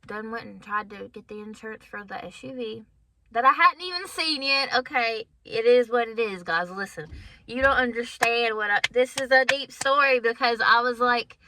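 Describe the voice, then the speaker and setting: A woman's voice: a little high, normal speed, pushed and bright. A woman in her thirties casually telling a personal story to her viewers, candid and chatty, often laughing and calling them guys. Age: 30s. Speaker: vlogger.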